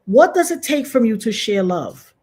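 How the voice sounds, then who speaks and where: Husky-voiced woman hosting a livestream. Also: a little high, very animated, moderate pace. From northern United States. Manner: affectionate, preachy, shouts out chat viewers. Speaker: livestream host. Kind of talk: casual livestream chat.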